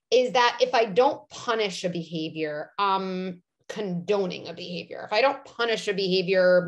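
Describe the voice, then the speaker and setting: A woman, a psychologist talking as a guest in an interview, animated and full of "like" and "you know", sometimes acting out voices. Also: mid-range voice. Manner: animated, filler-heavy, acts out quoted voices. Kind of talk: conversational interview.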